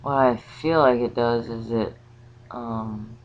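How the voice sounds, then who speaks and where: A woman talking casually about a spiritual ritual, rambling and halting with many restarts. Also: very deep voice, fairly even intonation. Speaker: vlogger. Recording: slightly dull lo-fi sound.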